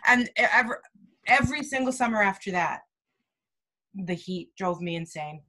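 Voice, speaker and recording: A woman from Canada co-hosting a doula podcast, talking in a chatty, animated, self-deprecating way. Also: medium pitch, normal speed. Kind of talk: casual chat.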